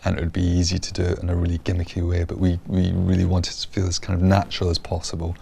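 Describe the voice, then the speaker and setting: A man explaining the making of a show in a measured, explanatory way. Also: deep voice, monotone, gravelly, dark tone, a little hiss or hum. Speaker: producer of the show. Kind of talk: explanatory interview.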